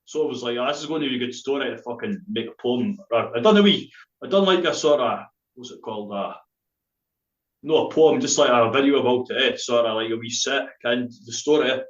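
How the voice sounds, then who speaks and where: A man's voice: medium pitch, a little fast. A Scottish man with a Dundee accent who rambles and laughs through a story, swearing freely and dropping in local slang. His voice sounds echoey and a bit dull. He is a spoken word poet chatting as a podcast guest. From Scotland.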